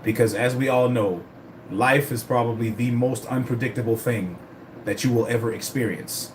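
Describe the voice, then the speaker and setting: A man's voice: mid-range voice, moderate pace, a little hiss or hum. A man vlogging about his fitness journey in a casual, rambling, profane way. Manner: rambling, profane, animated storytelling. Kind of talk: casual chat.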